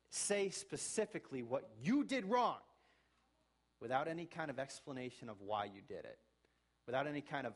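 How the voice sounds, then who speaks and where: A male pastor preaching a sermon. He exhorts the congregation earnestly, swings from soft to loud, and acts out sample apologies in a conversational voice. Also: mid-range voice, lively intonation, moderate pace.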